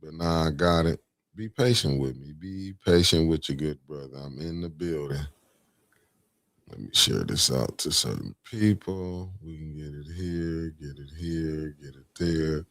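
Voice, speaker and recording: A man's voice: rumbling low, normal speed, no echo. A man hosting a casual live stream, greeting viewers by name and calling them family and beloved while he sets up sharing.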